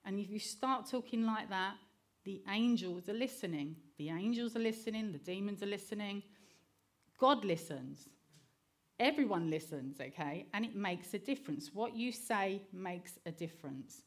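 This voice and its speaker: A woman's voice: medium pitch, expressive, normal speed. A middle-aged woman giving an earnest sermon, mixing personal stories with scripture and often checking in with the listeners by asking "okay?". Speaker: preacher.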